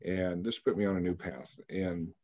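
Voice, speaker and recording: A man in his sixties from Kansas, a radio interview guest telling a story at a measured pace with frequent pauses and fillers. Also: sits low, level tone, dull audio. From Kansas, United States. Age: 60s.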